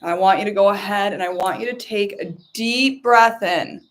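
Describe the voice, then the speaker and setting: A woman with a voice of ordinary pitch leads listeners through a tapping meditation. She speaks slowly and calmly when she guides. She turns lively and chatty when she shares her own experiences. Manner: slow soothing guidance that turns into lively chatty storytelling. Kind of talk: guided meditation and personal talk.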